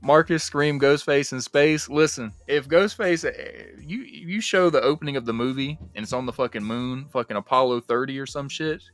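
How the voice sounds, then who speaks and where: A man's voice: medium pitch, moderate pace, few pauses, dry recording. A young man chatting loosely on a livestream, rambling and cursing as he riffs on movies. His voice sits in an ordinary middle register, recorded close and dry with faint music underneath. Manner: animated, swears freely, rambling with fillers. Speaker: livestream host. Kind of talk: casual movie discussion.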